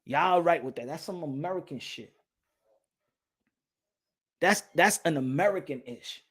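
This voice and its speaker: A boxing channel host, a man with a high voice, rants heatedly to camera. He is profane and keeps repeating himself as he argues his point. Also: expressive, unhurried, a bit bright, slightly rough. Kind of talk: casual opinion rant to camera.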